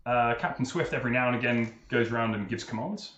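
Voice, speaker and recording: A man's voice: mid-range voice, quick pace, fairly bright tone, echoey room, slight background noise. A man narrating a tabletop game as game master, with many ums and frequent laughter. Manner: laughing, hesitant with fillers.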